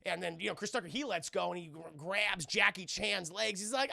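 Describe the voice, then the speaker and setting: A man recaps a film live for his chat, animated and profane, with a high, gravelly voice full of fry. His tone is bright and forceful, and the sound is dry and close with no room echo. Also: brisk, few pauses. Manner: animated and profane, acting out characters' lines with shrill squeals; talks straight to his chat, thanking viewers. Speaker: streamer reviewing a film.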